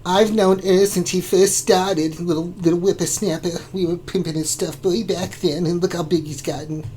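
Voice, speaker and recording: A man hosting a casual gaming livestream, playful and excitable, teasing his co-host. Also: high-pitched, moderate pace.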